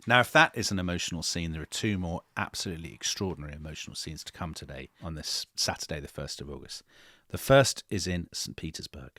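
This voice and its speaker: A middle-aged man with a very low voice co-hosts a history podcast, recounting events with dramatic flair. He slips into the voices of the people he quotes, and the recording is dry and close to the mic. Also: fast, hardly any pauses, pushed and bright, dry recording. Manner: dramatic retelling with acted quotes. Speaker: podcast co-host. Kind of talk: animated historical storytelling.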